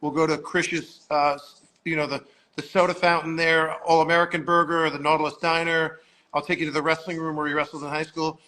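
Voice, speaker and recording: A man's voice: fairly high pitch, little pitch movement, a little fast, bright, forceful tone, low-quality recording. A man of about sixty telling long, rambling anecdotes and acting out the voices of people he quotes, speaking in an agency office. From Long Island, New York. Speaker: guest storyteller.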